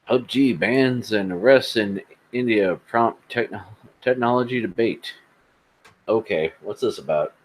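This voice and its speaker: A man's voice: on the low side, a little slow, poor audio. A man co-hosting a casual tech podcast, blunt, sarcastic and profane in his remarks. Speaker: podcast co-host.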